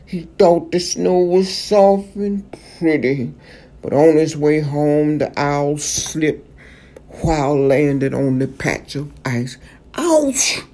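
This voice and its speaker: A reader slowly reading a children's story aloud, halting now and then with small slips. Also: mid-range voice, fairly even intonation, dark tone.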